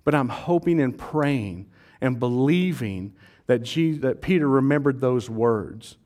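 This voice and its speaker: Animated joking preacher man. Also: medium pitch, a little slow. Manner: animated and conversational, quizzing the congregation and joking. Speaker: pastor. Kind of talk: sermon. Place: church service.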